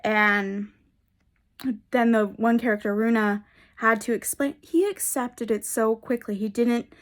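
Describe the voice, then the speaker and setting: A woman's voice: on the high side, steady tone, unhurried. Gushing young woman book vlogger. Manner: gushing and enthusiastic, rambling with restarts. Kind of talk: casual reading vlog chat.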